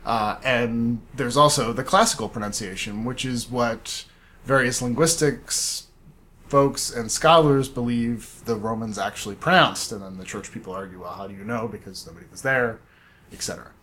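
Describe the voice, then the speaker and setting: A man's voice: mid-range voice, moderate pace, a bit bright. A man co-hosting a podcast in casual chat, talking at length in a digressive, explaining way with many fillers and restarts. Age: adult, studied Latin up to eleventh grade. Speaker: podcast co-host.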